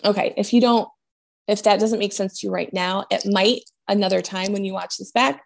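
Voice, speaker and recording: A woman giving a spiritual medium reading in a gentle, reassuring way, often trailing off and restarting her sentences. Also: mid-range voice, steady tone, a little fast, gravelly.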